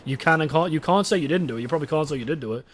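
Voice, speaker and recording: A man's voice: a little high, racing. A young British man streaming a game, chatting casually with his chat, swearing and rambling. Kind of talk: casual live-stream chat while gaming.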